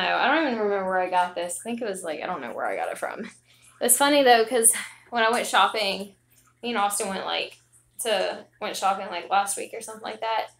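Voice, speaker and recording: A woman's voice: medium pitch, vocal fry, fairly bright tone. A young woman vlogging casually at home on her phone, chatting in a rambling way with lots of fillers, out of breath. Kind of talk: casual livestream chat. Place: home, indoors.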